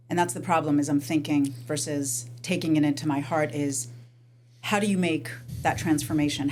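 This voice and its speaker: A woman's voice: low voice, a little mellow. A woman hosting a podcast interview, thoughtful and searching for her words, often restarting her sentences. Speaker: podcast host, clinical director.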